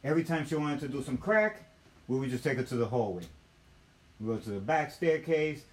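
Profane, animated young male storyteller. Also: mid-range voice, fairly quick. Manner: animated, profane, laughs while telling. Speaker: host. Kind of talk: casual storytelling.

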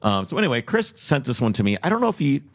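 A man from Minnesota, co-hosting a casual chat and telling a rambling, lively story. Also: medium pitch, fast. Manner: rambling, animated storyteller with frequent "like" fillers. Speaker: podcast co-host.

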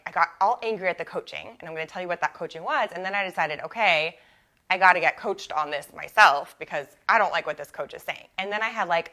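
A young adult woman hosting her own coaching podcast, talking casually and animatedly, full of "like" and quick self-corrections. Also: lowish voice, bright, forceful tone. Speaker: life coach and podcast host. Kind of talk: casual solo podcast teaching.

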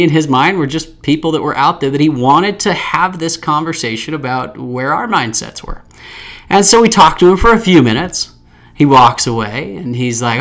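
Man, from Utah, podcast host, animated anecdote, chatty, fairly high voice. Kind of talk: storytelling anecdote.

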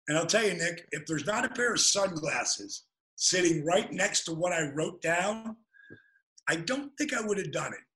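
A man telling animated stories as an interview guest, with quick restarts. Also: sits high, poor audio. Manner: animated, fast-moving storyteller with restarts. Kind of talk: interview storytelling.

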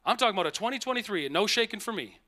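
A man preaching a sermon as pastor, animated and emphatic, slowing down on key phrases and tossing in playful asides. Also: high voice.

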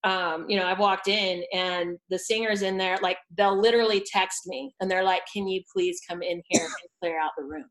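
A woman voice coach chatting on a podcast, telling lively stories and acting out what she said to clients. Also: medium pitch, moderate pace, hardly any pauses, low-quality recording. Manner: animated storyteller, acts out quotes. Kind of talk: casual podcast chat.

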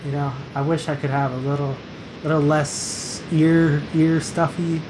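A man's voice: on the high side, little pitch movement, measured pace, over a noisy crowd. A man in casual chat, rambling and playfully quizzing the other person with trivia facts. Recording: noisy background hiss.

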